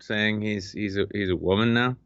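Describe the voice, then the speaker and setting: A man's voice: lowish voice, steady tone, normal speed, fairly bright tone, clear, resonant tone, muffled recording. A man co-hosting a live-streamed podcast, joking crudely and putting on mocking voices. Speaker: podcast co-host. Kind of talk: crude comedic livestream chat.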